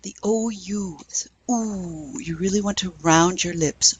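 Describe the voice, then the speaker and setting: Woman language teacher, unhurried and patient, slightly husky lower voice, models each sound twice. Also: poor audio. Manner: patient, demonstrating pronunciation slowly with repetition. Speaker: French teacher. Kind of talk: recorded language lesson.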